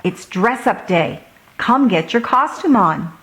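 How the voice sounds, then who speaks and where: A cheerful mom calling her boy to get ready, bright and upbeat, as a woman reads her aloud. A slow storybook voice. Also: medium pitch, animated. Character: cheerful busy mother.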